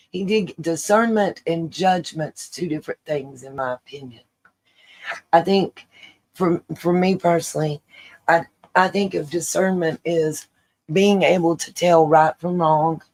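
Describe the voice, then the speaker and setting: A woman's voice: sits low, darkish tone. A woman hosting her own channel, giving opinion commentary straight to her viewers, emphatic and repeating her points for weight. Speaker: channel host.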